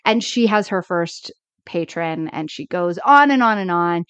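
A woman co-hosts a casual podcast about sitcoms. She is chatty and enthusiastic and says "like" a lot. Her voice sits a little low and sounds dull and dry. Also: lively intonation, a little slow, fairly bright tone, smooth, no echo. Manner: chatty, enthusiastic, many fillers. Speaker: podcast co-host.

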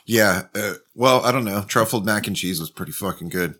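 A young man casually recounting his trip in a laid-back, deadpan way, swearing as he goes. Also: fairly low pitch, moderate pace. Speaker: podcast co-host back from a trip. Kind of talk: casual storytelling.

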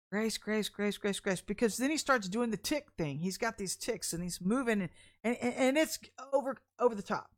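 A middle-aged woman preaching in a casual, story-driven way. Her voice sits in a middle range, and she talks in an animated, chatty manner, breaking into laughter often. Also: medium pitch. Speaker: minister. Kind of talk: candid storytelling sermon.

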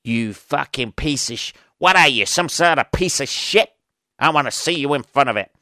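A man's voice: medium pitch, expressive, normal speed, no echo, studio quality. A man voicing a brash, foul-mouthed male businessman in a put-on New York accent. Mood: abusive. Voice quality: shouting, profane, aggressive.

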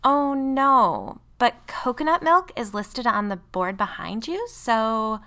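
A woman's voice: fairly high pitch, big pitch swings, slow, bright, forceful tone, voice pushed up, heavily acted. A woman voicing a pushy, dramatic suburban woman who talks in a whiny, gushing, theatrical way.

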